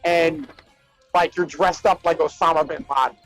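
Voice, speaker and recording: A man co-hosting a casual chat show, retelling comedy bits in an animated, profane way with lots of "like" and "right?". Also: a little high, normal speed, dry recording, faint music behind, low-quality recording. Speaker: podcast co-host.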